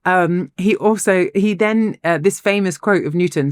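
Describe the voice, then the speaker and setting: Low-voiced woman telling a story. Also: moderate pace, no echo, clean studio sound. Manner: animated, laughs often, frequent restarts. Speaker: podcast co-host. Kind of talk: casual storytelling chat.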